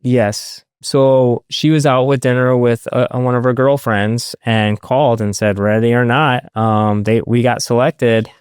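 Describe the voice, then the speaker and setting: Adoptive father, guest on an interview show. Smooth, resonant voice in a dry room. Halting and full of fillers. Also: medium pitch, fairly even intonation, no echo. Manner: halting, many fillers and restarts. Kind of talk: casual interview over video call.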